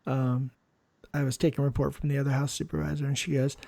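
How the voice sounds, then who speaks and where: A man hosting a podcast interview, a nurse telling work stories in a lively way and acting out what people said. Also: medium pitch, quick pace, vocal fry, no echo. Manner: animated storyteller, quotes people in dialogue. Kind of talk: conversational interview storytelling.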